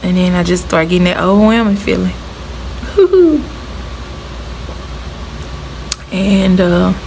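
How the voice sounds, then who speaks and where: Lady vlogging straight to camera, chatty and heartfelt, kinda low voice. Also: flat delivery, brisk, creaky, darkish tone, a little hiss or hum, poor audio. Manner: heartfelt, chatty, faith-filled storytelling. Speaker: vlogger, former middle school art teacher. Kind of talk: casual talk to camera.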